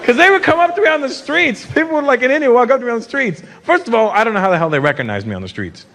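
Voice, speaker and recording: Racing along in a very high-pitched voice with big pitch swings, a Canadian comic in his fifties tells brash, profane stand-up stories from a theater stage. Through the live stage mic you hear a loud crowd laughing and applauding.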